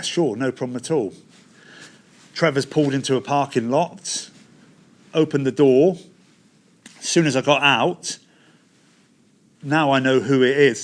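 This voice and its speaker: Middle-aged Devon man, plain testimony storytelling, acts out quoted dialogue, halting restarts. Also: medium pitch. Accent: Devon English. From England. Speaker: testimony speaker.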